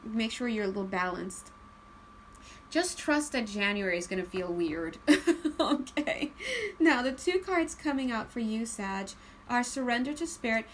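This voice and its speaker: A woman giving a casual spiritual card reading, chatty and laughing often, slowing into a calm tone at times. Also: on the high side, slight background noise, low-quality recording. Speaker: tarot card reader.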